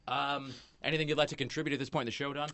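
Fast-talking rambling man. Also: mid-range voice, fairly even intonation, gravelly, a bit bright, no echo. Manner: rambling storyteller, many fillers and restarts. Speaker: podcast host. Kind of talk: casual chat. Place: small studio.

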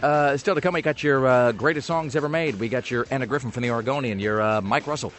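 A man's voice: medium pitch, fast, a bit bright. A man hosting a radio show, chatting casually in a rambling, jokey and self-mocking way.

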